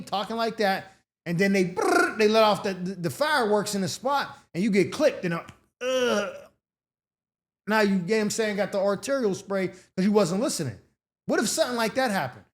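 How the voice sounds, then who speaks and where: A man's voice: high-pitched, expressive, normal speed. A man hosting an advice show, reading letters and answering them in a blunt, profane, sarcastic way with slang-heavy casual talk. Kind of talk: advice commentary rant.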